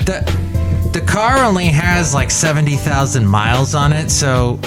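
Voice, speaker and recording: A man's voice: a little high, unhurried, over music. A man hosting a podcast, telling rambling, playful stories in casual chat at a cafe. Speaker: podcast host.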